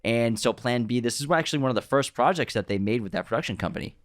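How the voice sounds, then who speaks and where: A man co-hosting a casual film podcast, enthusiastically running through background facts in quick lists. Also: mid-range voice, lively intonation, no room sound, clean studio sound. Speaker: podcast co-host.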